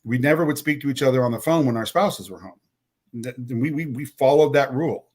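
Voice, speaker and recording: A man's voice: medium pitch, brisk, a little mellow. Man telling a frank personal story. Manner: frank and blunt, swears, stumbles and repeats words; acts out other people's lines as quoted dialogue. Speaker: podcast guest, author.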